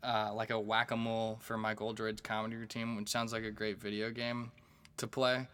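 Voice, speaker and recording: A man hosts his own podcast and tells stand-up stories in a loose, rambling way. His voice sits low but has a bright, forceful ring. He swears freely and stumbles through restarts and fillers. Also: completely flat delivery, moderate pace, smooth. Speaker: stand-up comedian and podcast host. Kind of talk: casual storytelling monologue.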